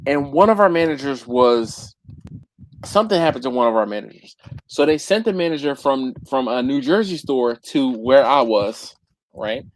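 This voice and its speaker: A man's voice: mid-range voice, lively intonation, moderate pace, poor audio. A man from Philadelphia with a Philadelphia accent, telling stories in a casual chat on a live barbecue stream, laughing often and repeating himself.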